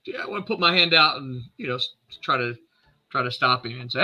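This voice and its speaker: A man's voice: mid-range voice, brisk, sharp tone. A man playing a tabletop role-playing game, talking hesitantly with many restarts. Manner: hesitant, restarts often, laughs. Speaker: player. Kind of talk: tabletop role-play, casual.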